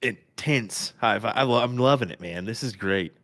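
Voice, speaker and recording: A man's voice: medium pitch, normal speed, a bit bright, no room sound, clean studio sound. A man co-commentating live darts in a laid-back, laughing way, calling his partner bud.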